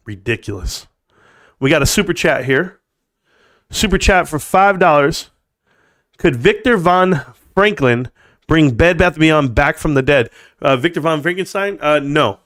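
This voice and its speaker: A man in his forties hosting a live stream, ranting sarcastically and swearing freely in a casual, animated way. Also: a little high, measured pace.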